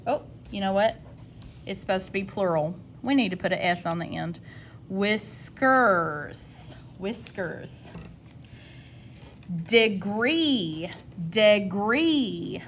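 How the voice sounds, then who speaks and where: A Southern-accented woman gives a phonics lesson at an unhurried, drawn-out pace and stretches each sound of a word. Her tone is patient and encouraging, and a faint low rumble sits behind her voice. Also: animated. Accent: Southern American. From American South. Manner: sounds out words slowly, repeating each sound. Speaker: teacher.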